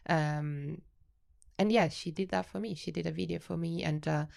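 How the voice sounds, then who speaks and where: An Italian-accented woman with a low voice and a gravelly edge, speaking as a guest researcher on a podcast. She hesitates and restarts often, then gets animated when she explains her work. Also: normal speed. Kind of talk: podcast interview.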